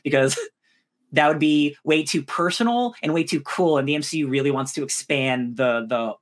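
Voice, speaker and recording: A man co-hosting a podcast, reviewing a show in casual chat, talking quickly with lots of fillers and quick mock voices. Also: a little high. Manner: fast, animated, filler-heavy, drops into mock voices. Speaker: podcast co-host.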